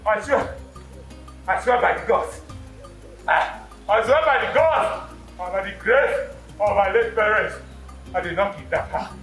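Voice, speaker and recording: A desperate pleading husband. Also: male voice, sits high, measured pace, pauses often, fairly bright tone, roomy sound, soft background music. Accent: Nigerian. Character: frightened young husband pleading for his life.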